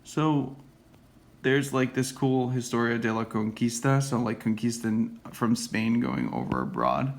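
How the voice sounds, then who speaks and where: A man giving a casual classroom lecture, often checking in with "okay?" and "right?" and dropping into quiet whispered asides. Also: mid-range voice, animated, measured pace, gravelly, poor audio. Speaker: teacher.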